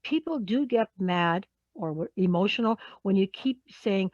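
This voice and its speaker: A woman's voice: mid-range voice, animated, measured pace, darkish tone, no room sound, dull audio. A woman who works in human resources leads an online workshop in a conversational way. She poses questions to her audience and repeats key words.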